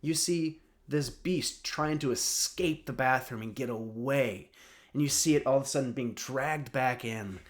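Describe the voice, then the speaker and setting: Man in his thirties, casual recap, rambling, filler-heavy, mid-pitched voice. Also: unhurried. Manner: rambling, many fillers and restarts, chuckles often. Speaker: film and TV reviewer. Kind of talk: casual spoken episode recap.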